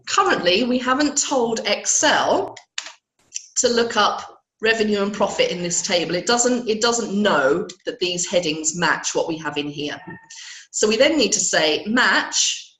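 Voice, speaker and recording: A woman with a hoarse voice teaching spreadsheet functions in a live webinar, patiently checking in with her listeners. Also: medium pitch, fairly bright tone, echoey room, poor audio. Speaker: Excel trainer.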